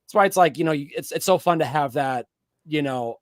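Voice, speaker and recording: A man's voice: on the high side, fairly quick, dry recording. Podcast co-host, male, casual rambling recap style, dry close sound. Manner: rambling, filler-heavy, many restarts. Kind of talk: casual chat recapping a TV episode.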